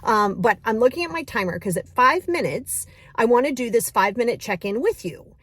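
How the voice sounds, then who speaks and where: A woman's voice: a little high, a little fast, slightly rough, dry recording. Woman coaching a mindfulness exercise. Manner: casual, animated, talks straight to the viewer.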